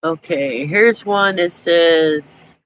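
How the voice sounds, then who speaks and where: A woman's voice: on the low side, drawn-out words, poor audio. Southern US woman, live stream host, chatty and folksy, laughs a lot, faint background noise. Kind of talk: casual live chat, reading viewer comments.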